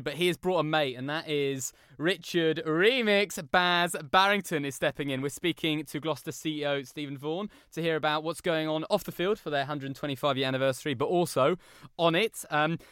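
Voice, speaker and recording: A man's voice: a little high, fairly quick, fairly bright tone, smooth, no echo, studio quality. A man hosting a rugby podcast in upbeat, casual chat. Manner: upbeat, presenting. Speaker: podcast host.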